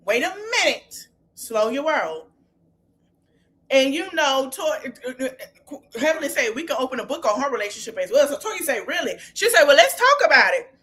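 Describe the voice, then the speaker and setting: A woman's voice: sits high, moderate pace. A woman hosting a podcast, casually recapping a reality show reunion and animatedly acting out what the cast said. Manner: animated retelling, acting out quotes with exclamations. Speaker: podcast host.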